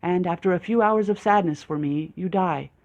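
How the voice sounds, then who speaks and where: An audiobook reader voicing an excitable, morbidly romantic young woman who gushes with breathless enthusiasm. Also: mid-range voice, brisk, lo-fi sound, natural voice. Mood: gushing. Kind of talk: audiobook character voice.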